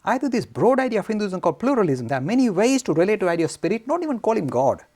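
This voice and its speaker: A man from India gives a frank, forceful lecture on Hinduism to students. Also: high voice, very fast. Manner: forceful, frank, animated, mock-arrogant.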